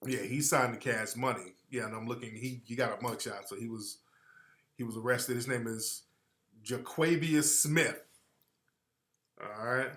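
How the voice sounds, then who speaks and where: Unhurried and given to long pauses, a man with a mid-range, fairly bright voice hosts a radio talk show. He offers listeners loose, slangy, rambling commentary and trails off when he looks things up, all in a roomy-sounding space.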